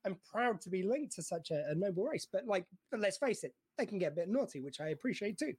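A man's voice: sits high, expressive, fast talker, darkish tone, slightly rough. Jokey, rambling male podcast host. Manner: jokey, rambling, laughs while talking. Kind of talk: casual chat.

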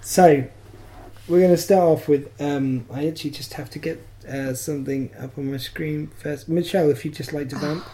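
Mellow-voiced woman co-hosting a podcast. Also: low voice, steady tone, moderate pace. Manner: chatty, self-mocking, laughs often. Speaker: podcast co-host. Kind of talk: casual chat.

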